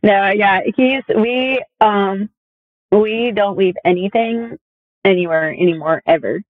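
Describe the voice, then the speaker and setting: A young woman, a guest in a casual conversation, takes her time speaking in a medium-pitched voice. Her personal stories are chatty and heavy on fillers, and the audio is tinny and phone-like without any room sound.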